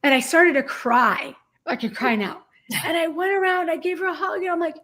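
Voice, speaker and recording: A woman on a video call panel, telling an excited, animated story and acting out what people said. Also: extremely high pitch, moderate pace.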